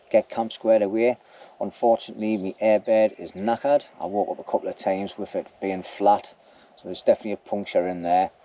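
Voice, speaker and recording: A man's voice: on the low side, warm tone, muffled recording, a little hiss or hum. A man talking casually to camera at an outdoor camp, rambling and ending lines with "like", with a snotty nose. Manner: chatty, rambling, says "like" at ends. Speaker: bushcraft vlogger.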